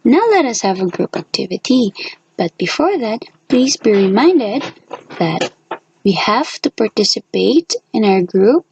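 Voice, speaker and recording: A woman from the Philippines with a Filipino accent, teaching a grammar lesson in a slow, deliberate way and spelling out letters. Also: mid-range voice, very animated, vocal fry, darkish tone, muffled recording, slight background noise.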